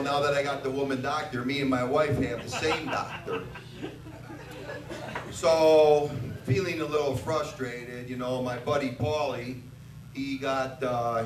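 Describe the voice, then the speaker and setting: Older profane comedian, echoey bar. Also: male voice, medium pitch, steady tone, unhurried. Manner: crude, profane storytelling with voiced-out dialogue. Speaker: stand-up comedian. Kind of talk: stand-up comedy set. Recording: echoey bar recorded from a distance, noisy.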